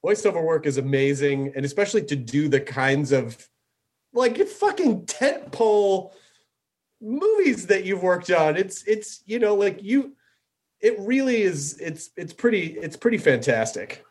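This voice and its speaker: A man's voice: sits high, big pitch swings, unhurried. Rambling, chatty male podcast host. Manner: rambling, heavy use of filler words. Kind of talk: casual chat.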